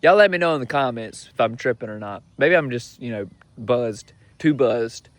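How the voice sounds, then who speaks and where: A young man doing a crude, brash comedy monologue with loud punchlines. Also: medium pitch, animated, normal speed, no echo. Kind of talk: stand-up style comedy monologue.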